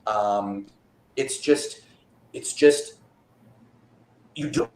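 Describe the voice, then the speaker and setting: A man's voice: on the low side, very slow, a little mellow, a little hiss or hum. A man as a guest magician, telling rambling stories in a laid-back way over a remote call from a borrowed apartment. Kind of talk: casual interview chat. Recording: roomy echo.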